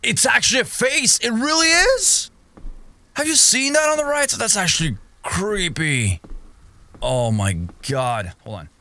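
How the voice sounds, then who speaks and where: High-pitched and sing-song, this young man's voice is bright and forceful with an unhurried pace. As a gaming streamer playing a horror game, he talks to himself, jumps at scares, and lets out yelps and gasps.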